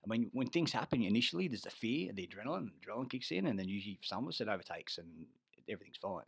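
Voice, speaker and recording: An Australian army veteran rambles through profane personal stories, often losing his thread and growing loud and heated as he retells a fight. His lowish voice is creaky with a breathy edge, racing along with lively intonation, and there's no room sound.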